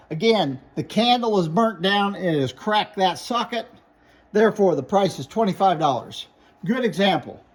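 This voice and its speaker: A man with a high voice runs through glassware for sale, one piece at a time. He names each item, points out chips and repairs, and gives the price in a plain, matter-of-fact way. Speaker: glass seller. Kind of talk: product showcase sales talk.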